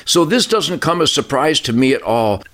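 A man's voice: a little high, lively intonation, normal speed, a bit bright. An older man commentating on a political talk show, fiery and emphatic, piling up repeated lists. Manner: fiery, emphatic, repetitive listing.

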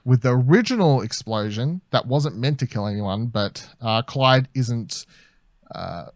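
A man's voice: medium pitch, lively intonation, a little slow, no room sound. Rambling Australian man, dry sound. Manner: rambling, hesitant, swears casually. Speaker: podcast co-host. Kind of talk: casual review chat.

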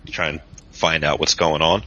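A man's voice: very deep voice, flat delivery, moderate pace, pushed and bright, exaggerated voice. A man doing a suspicious, guarded young man. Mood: wary. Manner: curt, defensive questioning. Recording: dull lo-fi podcast audio.

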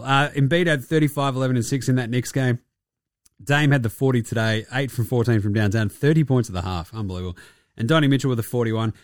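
A young man hosts a basketball chat in a loose, crude way, full of sarcasm and swearing. His voice sits at a middling pitch and sounds dry and close, with no room echo. He talks casually, like a regular host riffing to his listeners. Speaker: podcast host.

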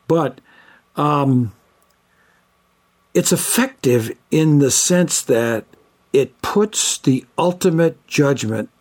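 An older man, a biblical scholar, giving measured conversational answers as an interview guest and listing terms one by one. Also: fairly low pitch, a little mellow, breathy edge.

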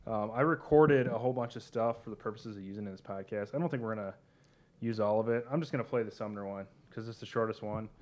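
A man's voice: fairly low pitch, fast talker, darkish tone. A man co-hosting a podcast in casual chat, rambling and self-deprecating with many fillers. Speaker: podcast co-host.

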